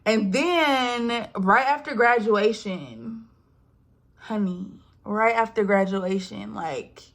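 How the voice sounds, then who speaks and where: A woman's voice: mid-range voice, takes it slowly. Chatty young woman telling a story. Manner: animated, acts out quoted voices, drops to hushed asides. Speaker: vlogger. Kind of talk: casual storytelling.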